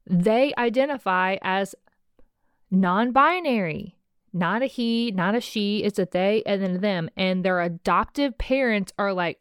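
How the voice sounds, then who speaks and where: A fired-up woman in her thirties talks straight to her listeners on a solo podcast, emphatic and outspoken. Her voice is smooth and clear, and the sound is close and dry, with no room around it. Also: mid-range voice, takes it slowly, no echo. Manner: animated, emphatic, swears, addresses listener as sis. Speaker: podcast host. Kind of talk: casual solo podcast rant.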